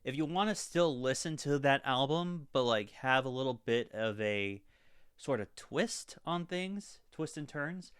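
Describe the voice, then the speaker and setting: A man's voice: mid-range voice, expressive, unhurried, fairly bright tone, clear, resonant tone, no room sound, studio quality. A young man giving a casual, upbeat album review, full of fillers like "like" and "honestly".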